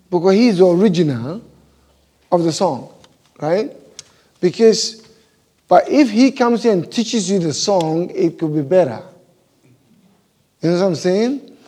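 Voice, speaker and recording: A male preacher delivers a sermon in a notably high voice with a soft, mellow tone. He keeps turning to his listeners with rhetorical questions and answers them himself. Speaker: pastor.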